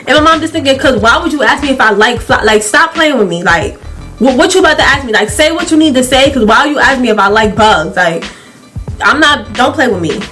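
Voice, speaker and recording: Young woman vlogger, slightly high voice, chatty storyteller who keeps laughing, faint music behind. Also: fairly quick. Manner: animated, chatty, often laughing. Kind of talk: casual storytime.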